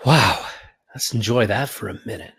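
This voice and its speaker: Husky man leading a soothing meditation. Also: fairly low pitch, lively intonation, a bit bright. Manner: slow, soothing, drawn-out guidance. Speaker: host leading a guided meditation. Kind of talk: live audio call, guided visualization and casual chat.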